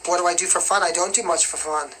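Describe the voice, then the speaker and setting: A man's voice: high-pitched, steady tone, quick pace, pushed and bright, slight background noise, poor audio. A young man from New York with a light New York accent, casually answering viewer questions on a live stream in a rambling, chatty way. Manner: chatty and rambling, with constant "you know what I mean".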